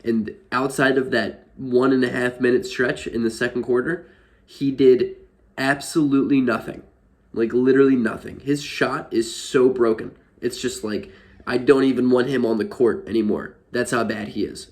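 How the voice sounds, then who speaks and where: A man's voice: mid-range voice, darkish tone. A young man vlogging casual sports commentary, frustrated and exasperated, rambling with lots of fillers.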